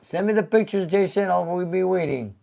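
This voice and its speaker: An older man hosting a casual live-stream show, reading viewer comments aloud and chatting in an animated way. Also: sits high, brisk, creaky. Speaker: show host.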